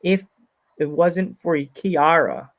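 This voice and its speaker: A man's voice: a little high, normal speed. An American man hosting a podcast in a casual chat, rambling with lots of fillers and frequent giggles. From United States. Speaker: podcast host.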